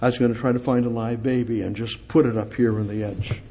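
A man preaching a sermon, speaking directly to God and repeating short phrases, swinging between loud emphatic lines and soft, hushed ones. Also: medium pitch, fairly even intonation, fast, slight background noise. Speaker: pastor.

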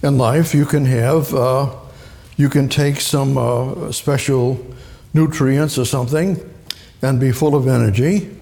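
A man preaches in a rambling, emphatic way, circling back and repeating words to drive them home. His voice is gravelly, set at a middle pitch. It rings out with a long hall reverb. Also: fairly even intonation, a little slow, mellow. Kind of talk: sermon.

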